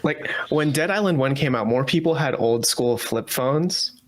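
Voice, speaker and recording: Dry, measured man on a podcast. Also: medium pitch. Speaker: podcast co-host. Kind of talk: casual chat.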